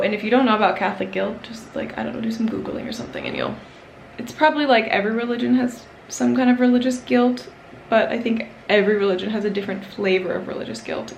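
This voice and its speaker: A woman's voice: on the high side, a little hiss or hum. A young woman chatting casually to her camera, rambling with lots of fillers and self-mocking asides. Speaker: vlogger. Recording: roomy echo.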